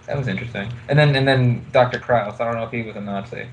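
A man in a relaxed podcast conversation, wandering through his points with plenty of ums and restarts. His voice sits at an ordinary middle pitch. A faint hiss of noise sits under the recording. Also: fast, poor audio. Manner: rambling, full of fillers and restarts. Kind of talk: casual chat about comics.

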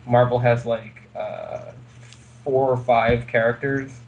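A man's voice: mid-range voice, fairly even intonation, slow pace, a little mellow, dull audio, slight background noise. Rambling man chatting about comics. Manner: rambling, full of fillers and restarts. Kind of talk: casual chat about comics.

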